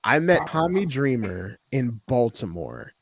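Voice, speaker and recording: A man co-hosting a podcast, telling stories in an animated, stammering way. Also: medium pitch, a little slow, creaky, a crowd in the background. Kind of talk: casual storytelling.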